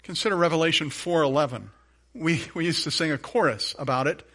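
A man's voice: fairly high pitch, brisk, a bit bright. A man preaching a sermon as pastor, emphatic, building on repeated phrases, with light humorous asides to his congregation.

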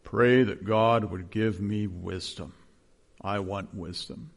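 A man mimicking an earnest young man who keeps asking for prayer, speaking slowly and low in a gravelly voice. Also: steady tone. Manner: slow, low, drawn-out delivery.

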